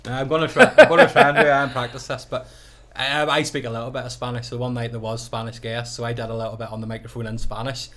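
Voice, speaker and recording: A man's voice: medium pitch, flat delivery, quick pace, hardly any pauses, fairly bright tone. Ballymena-accented man, chatty DJ host. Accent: Northern Irish, Ballymena. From Northern Ireland. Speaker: wedding DJ and podcast co-host. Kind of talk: casual chat.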